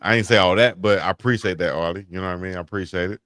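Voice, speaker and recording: A man co-hosting a casual live stream, telling animated stories about himself and laughing through his own words. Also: deep voice, rapid-fire, dry recording, clean studio sound. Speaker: podcast co-host.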